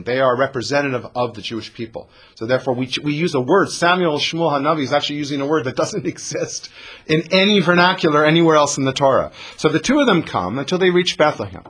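A man teaching a lively Bible lesson as a dramatic storyteller, mixing in Hebrew and Yiddish terms. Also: medium pitch, husky. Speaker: Torah teacher.

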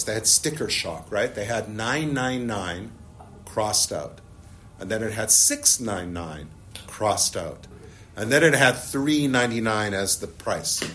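A middle-aged man teaching a Bible class, explaining the text and telling personal stories while asking his listeners questions. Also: medium pitch. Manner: animated, storytelling, asks the class questions.

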